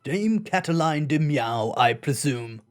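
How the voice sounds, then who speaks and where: Lady doing a low formal birdy lawyer dude, all proper. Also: expressive, slow pace, faint music behind. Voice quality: deep put-on voice. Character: formal male bird lawyer, dignified and stiff.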